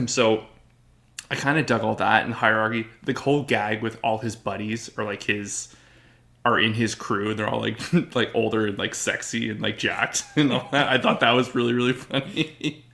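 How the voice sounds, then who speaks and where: Bright-voiced rambling young man. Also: fairly low pitch, fairly even intonation, normal speed, vocal fry. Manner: rambling, lots of filler words, laughs often. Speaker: podcast co-host. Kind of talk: casual chat.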